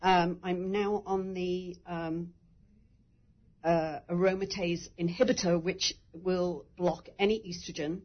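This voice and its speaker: Husky woman telling her cancer story. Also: lowish voice, steady tone, slow pace, muffled recording. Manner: rambling, candid, laughs through tears. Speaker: breast cancer survivor guest. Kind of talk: emotional personal story in a conversation.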